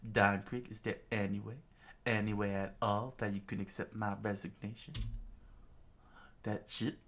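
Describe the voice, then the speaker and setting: Man reading as a tearful pirate commander, pleading, strained, unhurried storybook reading. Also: fairly low pitch, steady tone, fairly bright tone, slight background noise. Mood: regretful.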